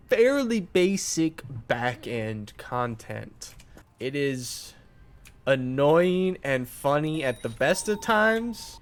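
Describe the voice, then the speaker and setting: A man's voice: medium pitch, a bit bright. A man hosting a gaming channel, giving sarcastic, wry commentary over his own gameplay.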